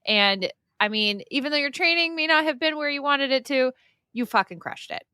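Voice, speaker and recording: Woman podcast host, bright tense voice, dry close sound, effusive, supportive. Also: sits high, moderate pace, no echo. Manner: supportive, effusive, casual swearing. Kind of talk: casual interview chat.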